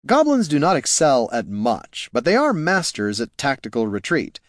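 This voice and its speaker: A man reads a comic fantasy audiobook in a wry, measured manner. His voice sits at a middle pitch and the recording is close and dry, with no room sound. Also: huge pitch swings, dry recording. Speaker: narrator. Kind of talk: audiobook narration.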